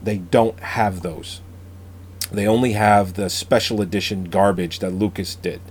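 A man's voice: fairly low pitch, fairly even intonation, a little slow, husky. A man in casual podcast chat, blunt and opinionated, swearing freely.

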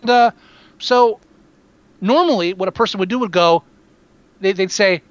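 A man chatting casually about a film, sarcastic, animated and quick to swear. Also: high voice, dry recording, highs cut off. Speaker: podcast co-host reviewing a film. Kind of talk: casual profane movie chat.

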